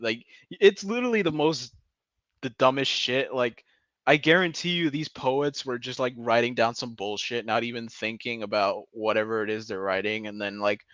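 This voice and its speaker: A man's voice: medium pitch, a bit bright, dry recording, dull audio. A young man streaming in a casual, rambling chat, joking and swearing, often tripping over his words. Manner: rambling, profane, jokey, with frequent stumbles and laughs.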